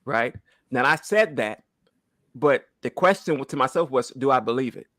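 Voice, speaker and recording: A man's voice: medium pitch, lively intonation, normal speed, a bit bright, no echo. A man in his thirties giving an emotional church testimony, earnest and close to tears, often asking "right?". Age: 30s. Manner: earnest, repeats phrases, asks "right?" often. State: holding back tears.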